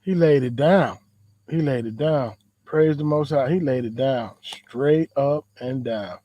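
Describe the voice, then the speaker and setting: A man's voice: medium pitch, measured pace, dark tone, no room sound. A man hosting a podcast, giving a loose, conversational faith talk outdoors in a backyard, full of slang and repeated phrases. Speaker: podcast host.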